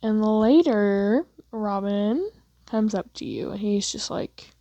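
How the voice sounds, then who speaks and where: A woman's voice: medium pitch, takes it slowly, mellow, dry recording. A young woman telling a second-person fan story in a casual, rambling way, filling her speech with "like". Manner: casual, rambling, heavy use of "like".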